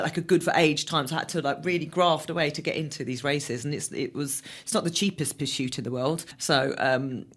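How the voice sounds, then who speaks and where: A middle-aged woman as an interview guest, telling stories in a casual, animated way and laughing often. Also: sits low.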